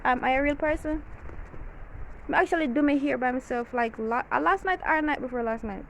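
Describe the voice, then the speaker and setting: A woman's voice: high-pitched, fairly quick. A young woman with a Jamaican accent, ranting animatedly in heavy patois about her pet peeves in a casual vlog. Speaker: vlogger. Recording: slightly dull lo-fi audio with faint hiss.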